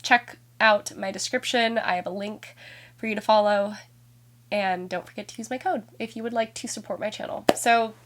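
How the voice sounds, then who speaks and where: A woman's voice: medium pitch, steady tone, normal speed, a bit bright. A woman in her twenties chatting casually on her vlog, her voice stuffy and nasal from being sick, rambling and correcting herself as she goes. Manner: rambling and self-correcting, frequent laughs. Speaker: book vlogger.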